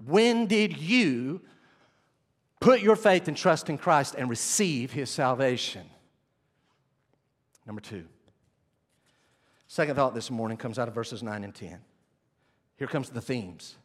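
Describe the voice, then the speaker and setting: A man, preaching an animated sermon and speaking directly to his congregation. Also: mid-range voice, a little slow, pauses often. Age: 40s. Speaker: pastor.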